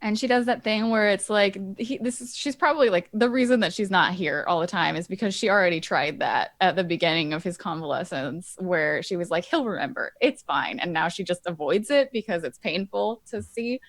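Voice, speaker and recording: A woman's voice: fairly low pitch, a little fast, hardly any pauses, no room sound. A woman playing a tabletop game, describing her character's actions in a chatty, thinking-aloud way. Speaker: player. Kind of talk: tabletop role-play, casual chat.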